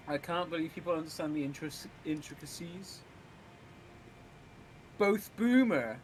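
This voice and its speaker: A man's voice: a little high, flat delivery, fairly quick, noisy background. A man in casual, sweary banter on a game stream, joking and laughing a lot. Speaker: streamer's guest co-commentator.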